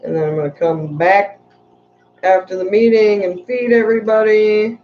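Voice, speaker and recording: A woman's voice: mid-range voice, steady tone, normal speed, muffled recording. A woman hosting a casual livestream, chatting in a rambling way and reading viewer comments aloud. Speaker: aquarium channel host.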